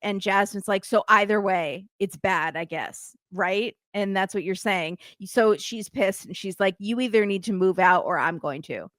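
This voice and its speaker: A woman's voice: mid-range voice, moderate pace, few pauses, no echo, studio quality. A woman guest recapping a reality TV episode in casual chat, telling it animatedly and acting out what people said. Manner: animated storytelling, acting out quotes. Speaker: podcast guest.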